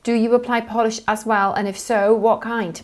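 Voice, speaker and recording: A woman co-hosting a live Q&A, briskly reading questions from the chat and thanking viewers. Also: on the high side, level tone. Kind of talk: live Q&A stream.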